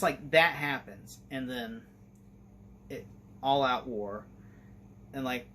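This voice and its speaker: A man's voice: medium pitch, a bit bright, a little hiss or hum. A man giving a casual spoken review of a TV series, rambling and enthusiastic, filling his talk with "like". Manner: rambling and enthusiastic, heavy use of "like".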